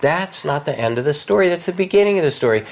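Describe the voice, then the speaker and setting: An older man, a meditation teacher, speaking softly and unhurriedly in a guided reflection, lifting his voice warmly on key phrases. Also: fairly high pitch, animated, fast talker, gravelly. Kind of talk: gentle guided reflection in conversation.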